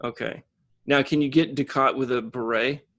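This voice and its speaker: A man co-hosting a podcast, recapping a show episode with crude jokes and quick voices for the characters. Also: medium pitch, steady tone, a bit bright. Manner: jokey, acts out characters in quick asides. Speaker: podcast co-host.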